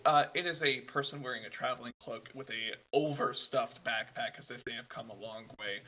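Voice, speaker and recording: A man's voice: medium pitch, sharp tone, rough recording. A man narrating a tabletop game as game master, rambling with lots of fillers.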